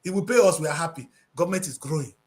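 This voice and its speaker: A man's voice: a little high, very fast. A man with a Nigerian accent giving passionate, preachy talk-show commentary, slipping into Pidgin English.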